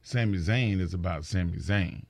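A man's voice: deep voice, normal speed, dry recording. A man in casual podcast chat, telling stories emphatically and often repeating words as he builds a point.

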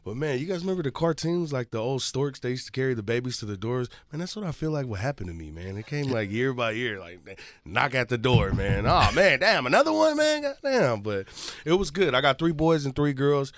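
A man's voice: mid-range voice, lively intonation, brisk, no room sound, clean studio sound. A man in his twenties in casual chat, laid-back, tacking "man" onto most of his lines. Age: 20s.

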